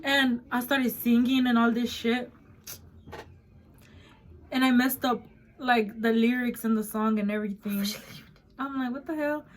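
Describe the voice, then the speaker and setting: Young woman vlogger, 19, somewhat high voice; blunt, profane storyteller mixing English and Spanish. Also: fairly even intonation, a little slow, pauses often, poor audio. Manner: blunt, swears a lot, switches between English and Spanish. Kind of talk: casual storytime chat.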